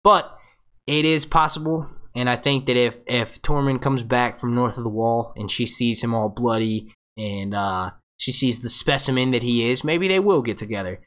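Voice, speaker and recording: A man hosting a live show breakdown, talking excitably and swearing a lot, dropping quick jokes and impressions. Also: medium pitch. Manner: excitable, profane and jokey, does quick impressions. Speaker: livestream host. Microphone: webcam mic with green screen.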